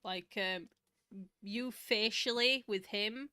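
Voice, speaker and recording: A woman's voice: medium pitch, slow pace, bright, forceful tone, clear, resonant tone, dry recording, studio quality. A woman co-hosting a casual live stream, teasing and laughing often.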